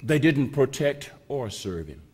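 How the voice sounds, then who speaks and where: A male pastor preaches with slow, weighty emphasis, stretching out key phrases and sometimes falling to a hush. His voice sits at an ordinary middle pitch. It rings with the long reverb of a church sanctuary. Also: very animated, slightly rough. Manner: slow, emphatic preaching with drawn-out repetitions and dropping to a whisper. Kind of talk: sermon.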